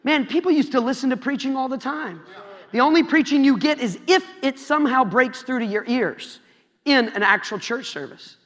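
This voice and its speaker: Preaching to a youthful crowd in a spacious church hall, a young man from Iowa, USA, tells stories and talks directly to his listeners. His very high voice is animated and a bit bright at a moderate pace, and the hall adds long reverb.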